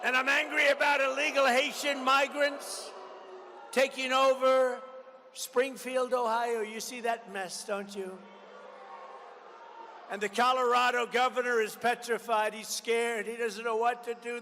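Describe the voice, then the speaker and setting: Older male candidate, high-pitched and forceful, combative, repetitive rally delivery, big reverberant venue. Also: steady tone, a little slow. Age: 70s. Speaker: political candidate. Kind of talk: campaign rally speech. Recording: long arena reverb, faint background noise.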